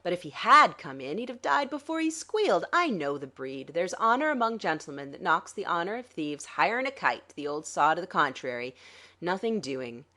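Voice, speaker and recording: A woman's voice: fairly low pitch, sing-song, normal speed, sharp tone. A woman voicing a smug, sarcastic male swindler who talks down to his partners in an audiobook. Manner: dry, sarcastic, smoothly condescending. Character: smug scheming male crook, cool and sarcastic.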